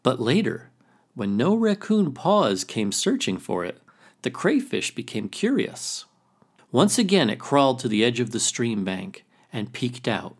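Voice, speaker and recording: A man telling a traditional animal tale as host of a storytelling podcast, reading in an expressive, dramatic way. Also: mid-range voice, unhurried, breathy edge. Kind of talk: storybook narration.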